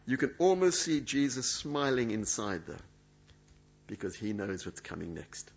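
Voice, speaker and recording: Male preacher, dramatic sermon delivery, lively pitch. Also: normal speed, husky. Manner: emphatic, dramatic, acts out quoted speech. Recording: dull lo-fi sound.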